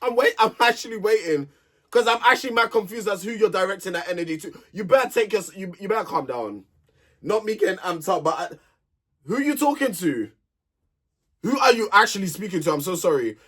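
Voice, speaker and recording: A man's voice: high-pitched, expressive, fairly quick, fairly bright tone. A young man, reviewing a reality dating show in an exasperated, sassy solo rant. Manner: sassy, exasperated, talks straight at people on the show.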